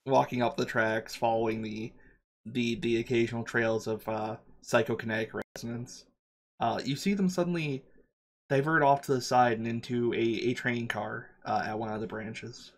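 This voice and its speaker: A man narrating as game master for a tabletop game, describing scenes in a halting way with frequent ums and uhs. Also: mid-range voice, steady tone, a little hiss or hum.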